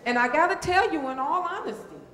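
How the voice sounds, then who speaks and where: A woman's voice: high voice, big pitch swings, brisk, fairly bright tone. A woman speaking as a transformational coach to a live audience, calling for responses and repeating phrases for emphasis. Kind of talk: motivational seminar talk to a live audience. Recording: very echoey hall.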